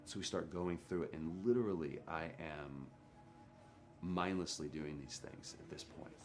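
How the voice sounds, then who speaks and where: A middle-aged actor recounting a story in a documentary interview, candid and animated, acting out quotes. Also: male voice, low voice, normal speed. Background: documentary music.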